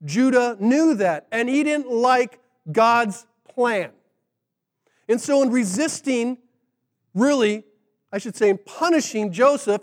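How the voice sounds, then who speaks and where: Pastor, male, high voice, casual animated sermon delivery. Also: in a large hall. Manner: conversational, animated retelling with acted quotes.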